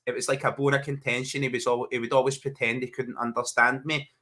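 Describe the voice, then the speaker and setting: A man's voice: medium pitch, little pitch movement, fast talker, bright, forceful tone. A Scottish man co-hosting a casual live football watch-along, joking in broad slang and laughing often. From Scotland. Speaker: co-host.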